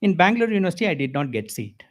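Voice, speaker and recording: An older man with an Indian accent, giving a devotional talk full of personal stories, lively with chuckles and asides. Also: a little high, rapid-fire. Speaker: spiritual speaker.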